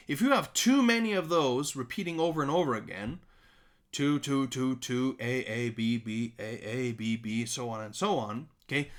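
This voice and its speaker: A man's voice: mid-range voice, a bit bright. A man teaching a recorded music lesson, chanting nursery rhymes as examples and checking in with "okay?" and "right?".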